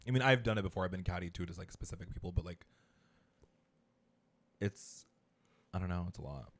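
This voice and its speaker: A man's voice: low voice, fairly quick. A man co-hosting a podcast, telling stories in casual chat, chatty and full of fillers. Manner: chatty storyteller, filler-heavy. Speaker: podcast co-host.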